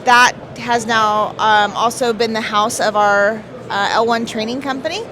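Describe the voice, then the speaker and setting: A woman who runs an auto business, answering interview questions in a halting way with many fillers. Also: on the high side, fairly even intonation. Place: busy trade show floor. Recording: crowd chatter behind.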